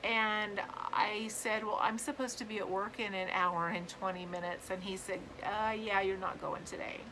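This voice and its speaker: A woman sharing her own story in a personal vlog, talking earnestly and haltingly with many fillers and restarts. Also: medium pitch, fairly even intonation, background noise.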